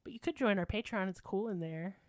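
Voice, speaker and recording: A woman's voice: mid-range voice, fairly quick, no echo, studio quality. A woman co-hosting a podcast in casual chat, sassy, profane and self-mocking. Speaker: podcast co-host.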